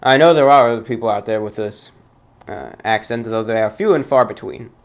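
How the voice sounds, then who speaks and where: Formal man with a British-New York accent. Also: on the low side. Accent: British-New York blend. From New York area. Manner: formal, measured, dry delivery with many "uh"s. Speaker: show host reading fan mail. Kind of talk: radio show talk, reading letters.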